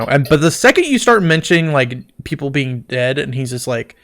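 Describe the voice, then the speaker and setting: Male game master, animated delivery, playful, quick to laugh. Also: mid-range voice. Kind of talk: narrating a tabletop game.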